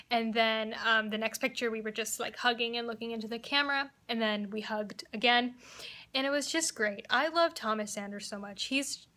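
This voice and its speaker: A woman talks straight to her viewers in a casual vlog, recapping her day. Her voice sits a little high and sounds bright and crisp. She is chatty and sprinkles "like" all through her retelling of conversations. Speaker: vlogger.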